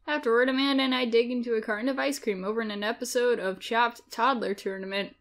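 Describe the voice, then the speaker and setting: A woman's voice: a little high, fairly even intonation, fast. A woman playfully reading a dating-sim game aloud, narrating and voicing the lead dad. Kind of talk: reading a visual novel aloud.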